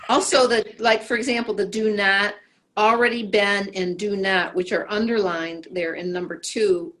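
A woman's voice: mid-range voice, steady tone, moderate pace, noisy background. Tentative woman thinking aloud. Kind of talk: group discussion.

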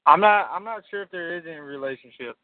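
A man's voice: on the high side, quick pace, no room sound. A young male college football player giving polite, brief answers in an interview. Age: young adult. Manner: polite and brief, says yes sir. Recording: phone-line call.

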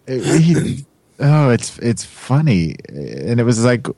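A man's voice: medium pitch, very animated, takes it slowly, dark tone, no echo. A man co-hosting a podcast in playful, casual banter, laughing along with guests. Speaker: podcast co-host.

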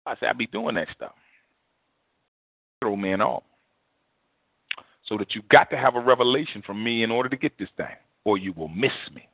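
A male pastor preaching a sermon in an animated, repetitive, vernacular way. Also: medium pitch, a little fast, no echo. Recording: tinny phone-like dry recording.

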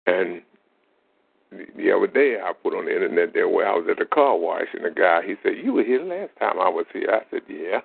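A man's voice: sits low, big pitch swings, brisk, gravelly, breathy edge. A man, telling faith-healing stories in a plain-spoken, folksy way as a lay minister. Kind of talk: informal testimony monologue. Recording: tinny phone-like audio.

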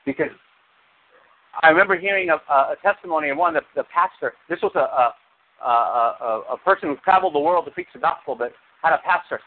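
A man preaching a sermon as pastor, animated, with sudden high exclamations. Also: a little fast. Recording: tinny phone-like sound.

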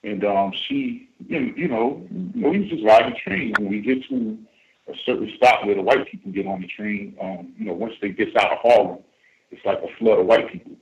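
A man's voice: fairly low pitch, animated, fairly quick. A man calling in to a radio show, telling a story in a casual, rambling way, full of fillers and restarts. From United States. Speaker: caller. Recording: phone line.

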